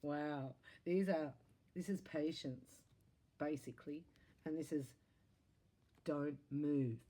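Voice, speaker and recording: Low, mellow woman reading tarot. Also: slow pace. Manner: animated, sing-song delivery with big swings in pitch and loudness; earnest, encouraging spiritual talk. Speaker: psychic tarot reader.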